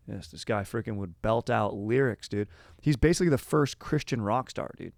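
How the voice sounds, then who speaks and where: A man's voice: lowish voice, brisk, a little mellow, no echo, studio quality. A young man hosting a podcast, talking about history in a rambling, casual way. He is slangy and laid-back, says "dude" all the time and drifts off topic. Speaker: podcast host.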